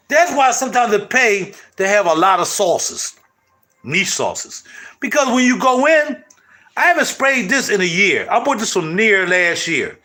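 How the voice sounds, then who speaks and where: A middle-aged man hosting his channel, chatting casually to viewers in loud, animated, slangy street talk. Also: sits high, a little slow. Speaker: channel host.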